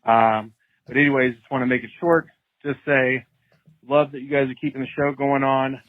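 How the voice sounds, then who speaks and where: A man's voice: mid-range voice, fairly even intonation, moderate pace, no echo. Male caller from Colorado, mid voice, thin phone-line quality, upbeat and chatty. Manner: friendly, upbeat, fillers like "um". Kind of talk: casual voicemail message.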